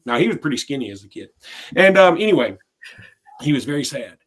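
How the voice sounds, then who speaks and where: A man's voice: on the high side, sing-song, a little fast, a bit bright. A man co-hosting a sports podcast, telling a rambling, anecdotal story full of restarts. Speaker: podcast co-host. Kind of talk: casual sports podcast chat.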